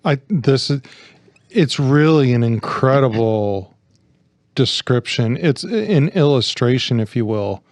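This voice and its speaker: A man co-hosting a podcast who talks thoughtfully, haltingly, and often restarts his phrases. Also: medium pitch, lively intonation, darkish tone, dry recording. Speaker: podcast co-host. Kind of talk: casual discussion.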